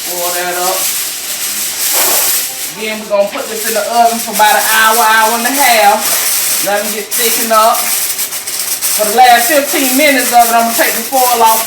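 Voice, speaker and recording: Southern home cook chattin to the viewers, y'all style, kinda far off the mic in an echoey kitchen, faint hum behind. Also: medium pitch. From Jacksonville, Florida, US. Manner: chatty and folksy, talks straight to viewers as y'all. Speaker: home cooking show host. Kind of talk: casual cooking demonstration.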